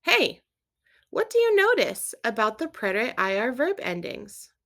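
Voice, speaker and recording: A woman teaching a Spanish grammar lesson, patiently explaining verb endings and quizzing the listener in a clear, steady way. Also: fairly high pitch, normal speed. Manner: clear, patient instruction with quiz prompts. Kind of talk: scripted language lesson.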